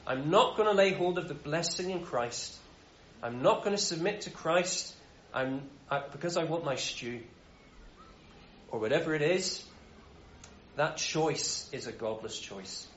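A man's voice: a little high, a little hiss or hum. A man giving an informal sermon as a Bible teacher, talking in a casual, conversational way with frequent restarts. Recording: roomy, dull sound.

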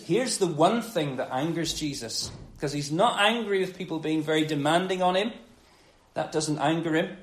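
A man preaches on a gospel passage in a conversational, animated way, dropping low and quiet for emphasis. The recording is rough, with a roomy sound.

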